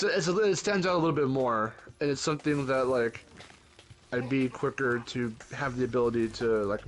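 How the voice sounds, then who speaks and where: A man chatting casually over a game stream, rambling, laughing often and swearing now and then. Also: medium pitch. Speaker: streamer co-host. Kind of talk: casual chat over gameplay.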